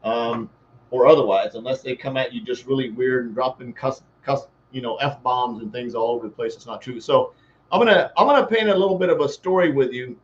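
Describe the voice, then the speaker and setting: A male life coach talks in a folksy, rambling way, spinning homespun analogies as he goes. His voice sits at an ordinary middle pitch for a man. The recording is a little dull, with a faint hiss of background noise behind him. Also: a little fast. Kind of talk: motivational talk.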